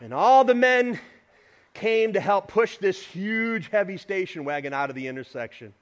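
A middle-aged man, a pastor, preaching a sermon and telling a story, acting out shouts and honks with lively energy. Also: high-pitched, moderate pace.

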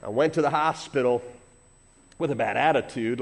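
A middle-aged man preaching a sermon as a pastor, telling a personal story, swinging from loud emphasis to quiet asides. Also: medium pitch, moderate pace, creaky.

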